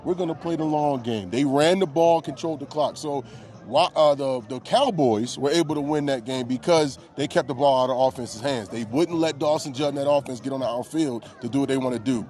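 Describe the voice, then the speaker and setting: A middle-aged man doing live color commentary at a high school football game, breaking down plays with a coach's eye and folksy turns of phrase. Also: brisk, darkish tone.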